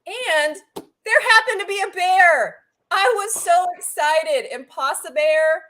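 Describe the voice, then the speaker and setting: Bubbly excitable woman hosting a livestream. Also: very high voice, measured pace. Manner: bubbly and excitable, swings loud and soft. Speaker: livestream host. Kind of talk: casual livestream chat.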